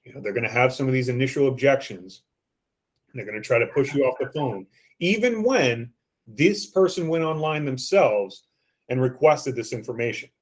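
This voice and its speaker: A man's voice: medium pitch, animated, moderate pace. A man giving a training lesson on phone sales scripts, coaching listeners and acting out the script lines.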